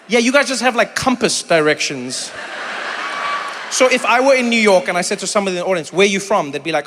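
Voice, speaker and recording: A middle-aged man from South Africa doing animated stand-up comedy with crowd work, acting out voices as he tells stories. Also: high-pitched, fast. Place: large theater stage. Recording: reverberant hall with faint ambience.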